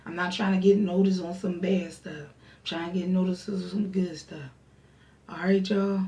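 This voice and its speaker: A woman's voice: lowish voice, normal speed. Young woman vlogger telling a story, roomy echo. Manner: animated, acts out friends' voices. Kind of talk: casual storytime. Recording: roomy echo, distant mic.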